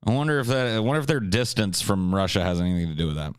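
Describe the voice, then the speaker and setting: A man's voice: on the low side, sing-song, very fast, smooth, no echo, clean studio sound. Profane, sarcastic male streamer. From United States. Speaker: livestream host. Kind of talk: casual stream chat, reading viewer comments.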